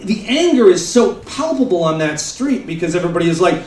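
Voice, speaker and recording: Rambling stand-up comic in a roomy hall. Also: male voice, sits high, very animated, a little fast, few pauses. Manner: rambling, conversational storytelling with shouted impressions. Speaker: stand-up comedian. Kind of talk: stand-up comedy set. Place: comedy stage before a laughing audience. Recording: roomy live venue, mic heard from a distance.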